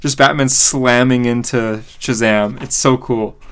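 A man's voice: medium pitch, steady tone, a little slow, fairly bright tone, clean tone. A man co-hosting a podcast, casually recapping a comic book story with enthusiasm and frequent fillers. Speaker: podcast co-host.

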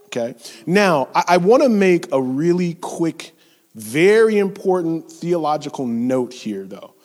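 A man preaching a sermon in a lively, conversational way, slipping into playful voiced asides and sudden loud emphasis. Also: fairly high pitch, measured pace, long reverb tail.

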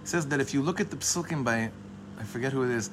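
A man teaching a casual religious class in a voice of ordinary middle pitch. He wanders from thought to thought, cuts himself off, and circles back to lean on a key phrase slowly. A faint hiss of noise sits under the voice. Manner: discursive, often restarts and corrects himself; leans on a phrase by repeating it slowly. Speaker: Torah teacher. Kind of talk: informal Torah class.

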